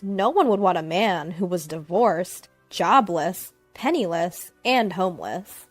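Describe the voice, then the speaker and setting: A woman reading a first-person story aloud in a scripted, expressive narration. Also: fairly low pitch, unhurried, few pauses, dry recording, faint music behind. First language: English.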